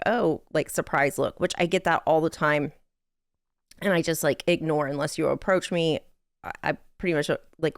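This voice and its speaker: A widow sharing a personal story in a candid, chatty way, with many "likes" and "ums" and small laughs at the hard parts. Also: female voice, on the low side, clean tone, no room sound, studio quality. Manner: candid, chatty, frequent "like" and "um", laughs through sad moments.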